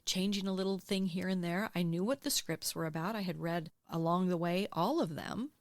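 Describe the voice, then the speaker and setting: A woman in her sixties, a podcast guest, telling her own story in a candid, emotional, animated way and acting out what she said back then. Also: on the low side, fairly quick, no room sound, clean studio sound. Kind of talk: candid interview conversation. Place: podcast studio.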